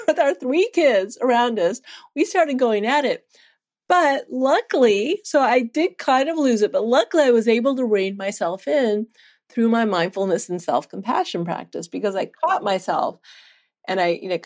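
A woman speaking as a guest on an interview, earnest and animated as she tells a story. Her pitch sits in a middle range and she laughs easily along the way. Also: normal speed. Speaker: psychology researcher guest.

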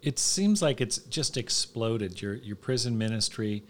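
A man's voice: medium pitch, expressive, unhurried. A man hosting a podcast, listening and asking broad, open questions. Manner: attentive, brief affirmations and open questions. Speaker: podcast host. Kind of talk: interview questions.

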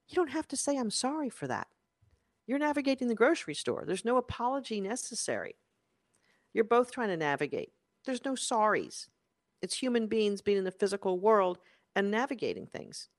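A life coach delivers a motivational talk in an emphatic, insistent way, repeating key phrases. The wording leans spiritual, about energy and the soul. The voice sits at a middling pitch and sounds dry and close. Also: no room sound.

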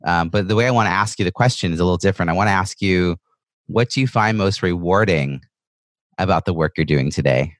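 Low-voiced guy hosting, thoughtful and reflective, super dry recording. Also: fast talker, no echo. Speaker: podcast host. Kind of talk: interview conversation.

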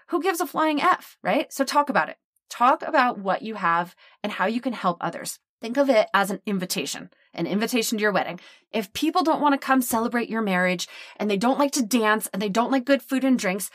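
A woman giving casual, candid business advice as an online course creator, telling stories in a chatty, animated way. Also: medium pitch, dry recording, clean studio sound. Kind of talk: casual talking-head advice.

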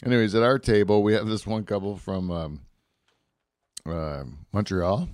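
A man with a somewhat low voice tells rambling, profane stories in a loose, casual way. He laughs often as he talks. The recording is close and dry, with no room sound. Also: steady tone, normal speed, darkish tone, no room sound. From Canada. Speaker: podcast co-host. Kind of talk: casual chat.

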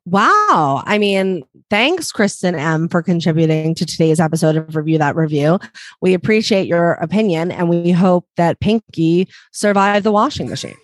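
A woman's voice: on the low side, normal speed, dry recording. A woman co-hosting a comedy review podcast, chatty and giggly. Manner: giggly, animated. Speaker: podcast co-host. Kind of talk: casual comedic chat.

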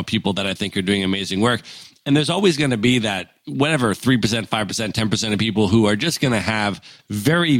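A man hosting a podcast, asking questions in an earnest, measured way. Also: lowish voice, fairly bright tone, dry recording. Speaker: podcast host. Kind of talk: interview questions.

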